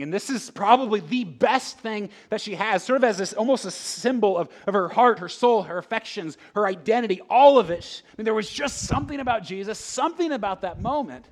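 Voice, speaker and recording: A pastor with a high voice delivers a conversational sermon, putting rhetorical questions to the room. He swings between loud emphasis and hushed asides.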